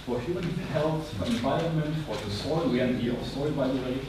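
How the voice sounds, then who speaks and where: A man's voice: medium pitch, brisk. A man in the audience at a panel discussion, urging and impassioned as he presses his point. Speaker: audience member, organic agriculture advocate. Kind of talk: public panel discussion comment. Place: large lecture hall. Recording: echoey hall, distant mic, audience noise.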